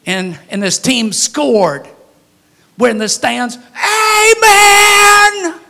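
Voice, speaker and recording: A high-pitched man preaching a sermon from the pulpit. His delivery is folksy and joking, and he breaks into sudden loud shouts. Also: slow pace, gravelly. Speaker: pastor.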